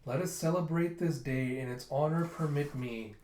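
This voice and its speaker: A man doing a slow, vain male charmer. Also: a little high, darkish tone, a little hiss or hum, lightly acted. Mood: flirtatious. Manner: slow, smooth, theatrical. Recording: roomy echo.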